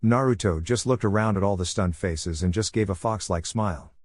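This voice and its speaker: A man reading a fan fiction story aloud in an even, steady way. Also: fairly low pitch, brisk, hardly any pauses, no echo. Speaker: story narrator. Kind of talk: scripted narration of fan fiction.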